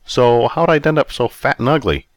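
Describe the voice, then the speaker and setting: A man's voice: medium pitch, lively intonation, normal speed, no echo, pitched above the performer's own voice, close to an everyday voice. A man reading an audiobook, voicing the narrator's younger self as a naive, curious young man with wisecracking questions. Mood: eager, curious.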